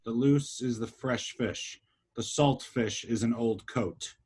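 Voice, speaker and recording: A man reading a testy old country justice in a casual amateur play reading, with slow, measured blustering. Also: mid-range voice, darkish tone, breathy edge, pitched below the performer's own voice.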